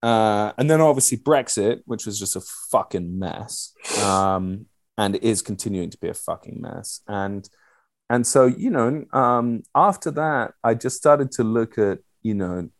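A man in his thirties, a guest telling stories in a casual, animated way, swearing and using lots of fillers. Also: on the low side, a little slow, no echo. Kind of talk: casual conversational storytelling.

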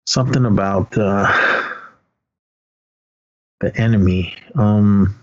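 A man with a fairly low voice chats casually on a podcast, recapping a movie scene by scene. He rambles and hesitates, filling gaps with "uh" while acting out the characters' lines. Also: slow, darkish tone, highs cut off. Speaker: podcast co-host.

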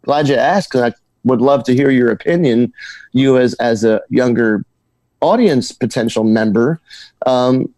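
A regular-guy musician who teaches guitar swaps stories in a casual interview, tripping over words, restarting and repeating, and laughing as he goes. His ordinary-pitched voice comes across dry and close, with no echo.

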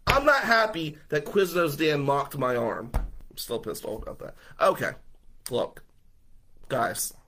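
A man, a lawyer, telling a personal story to the camera in a casual, animated way, blunt and swearing freely. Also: a little high, measured pace, a little hiss or hum, rough recording.

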